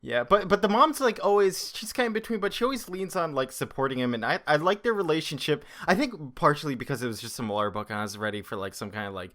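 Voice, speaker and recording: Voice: medium pitch, lively intonation, fast, few pauses, a bit bright. A podcast co-host chatting casually about a comic book, thinking aloud and laughing easily.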